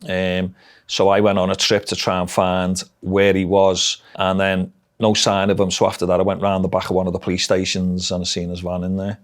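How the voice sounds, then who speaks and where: A man's voice: low-pitched, monotone, fairly quick. A middle-aged man with a Liverpool Scouse accent, telling his life story bluntly and frankly in an interview. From Liverpool, England. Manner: blunt, dialect-heavy, frank. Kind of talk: candid personal storytelling.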